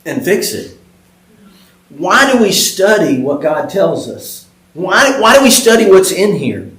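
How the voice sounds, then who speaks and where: Middle-aged pastor, slightly high voice, chatty and halting, echoey church sound. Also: male voice, big pitch swings, fairly bright tone. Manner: conversational, frequent fillers and restarts. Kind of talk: sermon with personal story. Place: church sanctuary.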